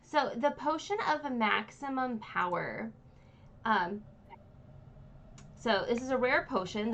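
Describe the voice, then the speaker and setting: A woman runs a tabletop game, explaining items and rules in a loose, friendly ramble full of ums. Her voice sits at a middle pitch. A faint hiss of background noise lies under the recording. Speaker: game master.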